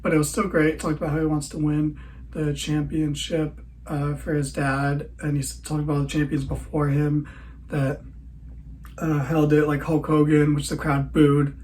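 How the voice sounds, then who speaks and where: A man's voice: a little high, little pitch movement, moderate pace, darkish tone, poor audio. Man, podcast host, tired, sarcastic, rambling, faint hiss behind. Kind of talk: casual sarcastic wrestling recap.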